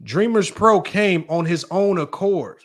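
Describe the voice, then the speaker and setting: A man's voice: high voice, lively intonation, unhurried. A young man hosting a sports debate livestream, riffing casually and joking as he talks straight at his viewers. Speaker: sports show host.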